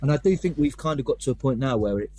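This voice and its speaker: A man's voice: medium pitch, animated, dark tone, no echo. A young man with a London accent, chatting in an interview about his band's songwriting in a rambling, self-deprecating way. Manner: rambling, self-deprecating, quick talker with restarts. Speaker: punk band vocalist and lyricist. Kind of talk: casual interview chat.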